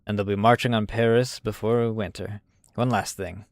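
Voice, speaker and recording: A man reading an army officer's briefing to a young private in a put-on accent, low and dry. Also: fairly even intonation, normal speed, no room sound, natural voice. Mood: grave.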